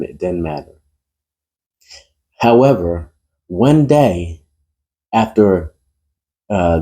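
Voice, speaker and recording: A pastor delivering a sermon who tells an illustration story and builds to emphatic preaching. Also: male voice, sits low, mellow.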